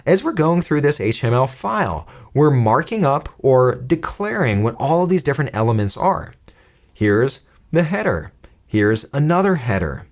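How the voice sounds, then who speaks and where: A male instructor explains a coding lesson in calm, careful steps. His pitch sits in the middle, and his intonation moves a lot within each phrase. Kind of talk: screen-recorded coding tutorial.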